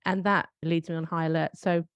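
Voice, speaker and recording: A lowish, brisk, clean voice with little pitch movement comes through on a dry recording. It belongs to a British podcast co-host from the United Kingdom who chats casually and tells stories reflectively, stopping to question herself aloud as she goes.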